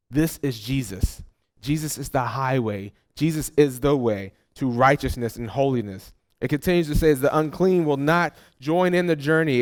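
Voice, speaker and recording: Earnest man preaching, smooth clear voice. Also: medium pitch. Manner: earnest, repeats phrases for emphasis. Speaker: pastor. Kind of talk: sermon. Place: church hall.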